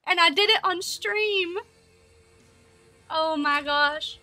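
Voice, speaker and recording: A young woman live-streaming a game, chatting to viewers and talking excitedly, often laughing. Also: very high voice, very slow, faint music behind. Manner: excited, laughing, breathless with joy. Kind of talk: live-streamed gameplay chat.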